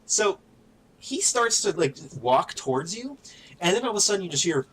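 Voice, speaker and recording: A man's voice: high voice, sing-song, normal speed, fairly bright tone, slight background noise, low-quality recording. A man narrating as game master in a casual, filler-heavy way.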